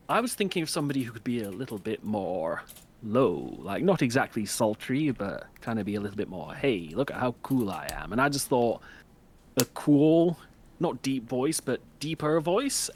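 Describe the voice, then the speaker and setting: A man in a casual book club chat, pitching ideas with rambling enthusiasm. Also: a little hiss or hum.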